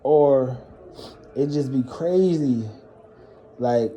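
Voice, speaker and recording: A man's voice: medium pitch, drawn-out words, warm tone, slight background noise. Man venting blunt, profane stories. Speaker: storyteller. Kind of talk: casual storytelling monologue.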